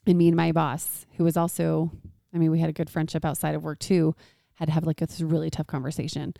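A woman in her thirties co-hosting a casual parenting podcast, animated and laughing often as she acts out what people said. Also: deep voice, quick pace, creaky, dry recording, clean studio sound. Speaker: podcast co-host. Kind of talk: casual chat.

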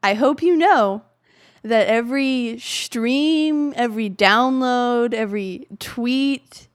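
A woman's voice: a little high, slow, no echo, studio quality. A young woman co-hosting a podcast, chatting casually and playfully teasing her co-host. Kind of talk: casual chat.

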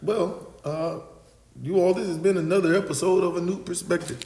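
A man hosting a podcast, talking in an animated, theatrical way that slips into a preacher-like cadence. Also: high voice, moderate pace, echoey room. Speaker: podcast host. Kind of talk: casual podcast chat.

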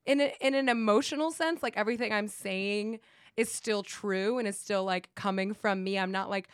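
A young adult woman hosting a podcast, telling stories in casual chat, animated and laughing often, with casual swearing. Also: mid-range voice, normal speed, smooth, no echo, studio quality.

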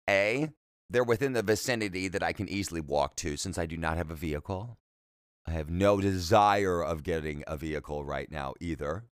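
A man's voice: low voice, a bit bright, clear, resonant tone, no echo. A man hosting a solo podcast, rambling in a chatty, self-deprecating way with jokey asides, speaking close to the mic. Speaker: podcast host.

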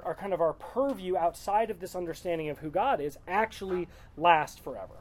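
A woman's voice: lowish voice, darkish tone. Woman teaching a casual Bible study. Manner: conversational and digressive, reading verses aloud then explaining.

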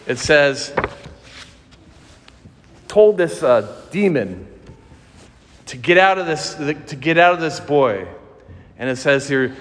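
A man preaching a sermon as a priest, earnest and emphatic, with slow, deliberate phrasing. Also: a little high. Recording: long church reverb.

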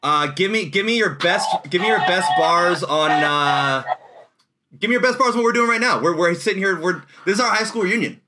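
A man hosting a casual podcast chat over a video call, excitable and upbeat. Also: high voice, fairly quick, noisy background. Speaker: podcast host.

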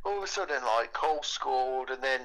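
A man's voice: mid-range voice, brisk, bright, forceful tone, poor audio. A man, chatting as a podcast guest, rambling with many repeated words and casual swearing. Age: 20s. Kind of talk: casual chat.

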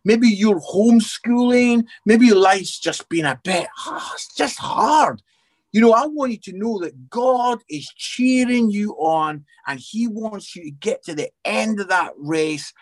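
Man, high voice, animated storyteller, lots of restarts, testimony in an interview. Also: a little slow, hardly any pauses. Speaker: evangelist and comedian.

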